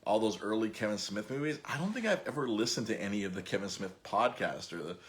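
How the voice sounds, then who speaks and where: A man's voice: on the low side, lively intonation, fast, a bit bright, slight background noise. A man in his thirties hosting a podcast, telling stories in a rambling, laughing way with many restarts. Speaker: podcast host. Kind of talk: casual storytelling chat.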